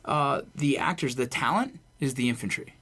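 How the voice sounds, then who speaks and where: A man's voice: mid-range voice, normal speed. A man in casual podcast conversation, telling stories intensely and swearing freely. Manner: intense, profane, animated storytelling. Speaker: guest, veteran turned actor. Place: Los Angeles.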